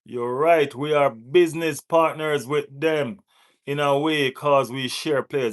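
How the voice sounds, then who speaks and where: A man with a West Indian accent hosting a live football watch-along, giving shout-outs to viewers in the chat, laughing and teasing rival fans. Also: a little high, normal speed. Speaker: football channel host.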